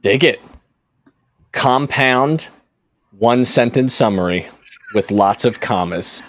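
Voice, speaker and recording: A man's voice: mid-range voice, slow, fairly bright tone. Guy hosting a podcast, casual and chatty, lots of um and like. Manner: chatty, laughs often, filler-heavy. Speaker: podcast host.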